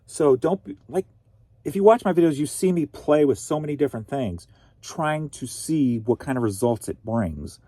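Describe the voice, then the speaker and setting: A man's voice: mid-range voice, lively intonation, moderate pace, dark tone, no room sound. A man from Missouri, a reselling vlogger with a sore throat, chatting in a rambling, wry way. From Missouri, USA. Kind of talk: casual vlog chat.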